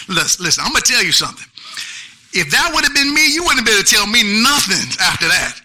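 High-voiced preacher man, super bright tone, really lively, talks back and forth with the crowd. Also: fast talker, low-quality recording. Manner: animated preaching with call-and-response asides. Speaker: pastor. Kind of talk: sermon.

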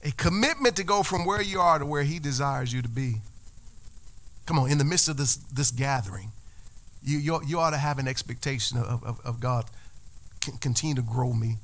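Male pastor mid-sermon: animated, bright, stutter-starts on repeats. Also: mid-range voice, moderate pace. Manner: animated, repeats words while building up.

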